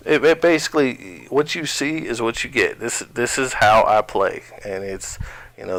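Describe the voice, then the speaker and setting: A man's voice: on the low side, a bit bright, dry recording. Rambling man with a slight twang. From New Jersey. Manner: rambling, many restarts and fillers. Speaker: gaming channel host. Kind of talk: casual gameplay commentary.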